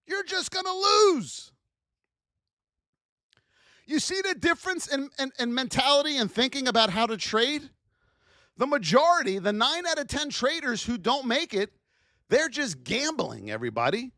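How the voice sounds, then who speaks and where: A woman with a high voice that swings widely between highs and lows runs a live trading lesson. She scolds and exclaims at her viewers, taking her time over each point. The sound is close and dry. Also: fairly bright tone, no echo. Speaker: trading educator.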